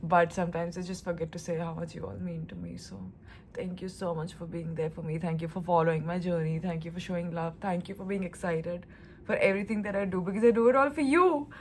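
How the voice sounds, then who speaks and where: A woman's voice: on the low side, fairly even intonation, fast talker, darkish tone, slight background noise. Chatty young woman vlogging from India. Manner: chatty and emotional, gushing. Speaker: lifestyle vlogger. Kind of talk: casual vlog talking to camera.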